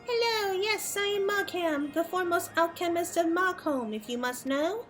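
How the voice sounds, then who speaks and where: A woman voicing a fussy little Moogle alchemist in a game, in a chirpy, squeaky put-on voice. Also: normal speed, fairly bright tone, faint music behind. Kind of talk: reading game dialogue aloud.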